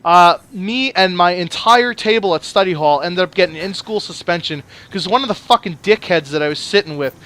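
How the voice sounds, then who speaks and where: A young man with a fairly high voice tells rowdy stories over his gameplay, dropping curses into nearly every sentence. He is jokey and animated, cracking one-liners mid-tale. His tone stays loose and conversational. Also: normal speed, few pauses. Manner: profane, swears constantly. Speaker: gaming channel host. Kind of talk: casual storytelling over gameplay.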